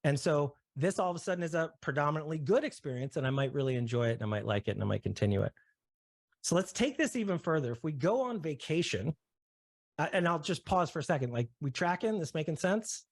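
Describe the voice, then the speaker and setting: Brief: male presenter, explanatory, higher-pitched, dry close mic, frequent check-in questions. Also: lively intonation, fast talker, no room sound. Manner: checks in often with "right?" and "okay?", builds everyday examples. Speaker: session presenter. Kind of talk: explanatory talk to a discussion group.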